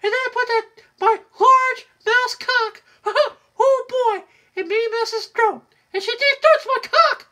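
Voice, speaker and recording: A squeaky, high-pitched cartoon mouse, giddy and crude, squealing with giggles between every line. The voice sits far above a normal man's range and bounces loudly. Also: a little slow, full character voice.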